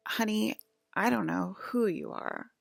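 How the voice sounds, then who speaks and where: A woman's voice: medium pitch, unhurried, gravelly, dry recording, faint music behind, voice pushed up. A woman voicing a bitter, grumpy old woman in a care home, snappish and threatening. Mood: indignant.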